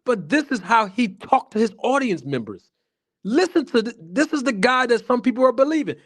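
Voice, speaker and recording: A man's voice: very high-pitched, sing-song, normal speed. A man giving casual livestream commentary, chatty and repetitive, talking to his chat viewers. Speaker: boxing commentary streamer.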